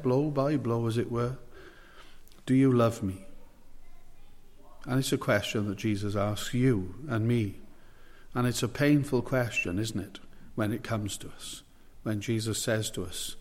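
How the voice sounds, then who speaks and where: A man preaches a sermon in an earnest, emphatic way, pushing his voice upward on the questions he quotes. His voice sits at an ordinary middle pitch. A long reverb trails after each phrase, as if he is in a large hall.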